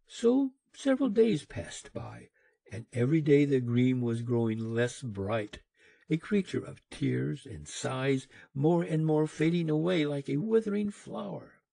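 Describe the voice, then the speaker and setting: A man narrating an old fairy tale in a slow, expressive reading. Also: fairly high pitch, vocal fry, no room sound. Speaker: audiobook narrator. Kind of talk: storybook narration.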